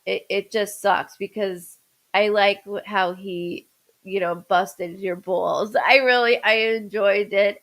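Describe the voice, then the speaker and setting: A woman's voice: medium pitch, gravelly, a bit bright, low-quality recording. A woman hosting a live stream, emotional and apologetic, choked up and stuffed up from crying. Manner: emotional, apologetic, talks through tears. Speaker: livestream host. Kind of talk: live-stream chat with viewers.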